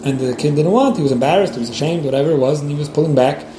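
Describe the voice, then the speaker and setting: A man's voice: a little high, rapid-fire, mellow. A man teaching a class on child education, mixing stories into the lesson, often repeating words as he restarts. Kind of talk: lecture with storytelling. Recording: echoey room, faint background hiss.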